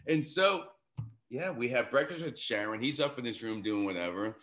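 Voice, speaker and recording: A man telling a rambling, excited, profane story as a guest on a podcast. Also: mid-range voice, normal speed. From New York City. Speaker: guest musician.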